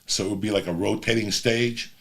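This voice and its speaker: A man's voice: on the low side, fairly even intonation, fairly quick, vocal fry, a bit bright. A middle-aged man from the New York City area, hosting a podcast and telling crude, rambling stories full of profanity. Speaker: podcast host. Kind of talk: casual storytelling chat.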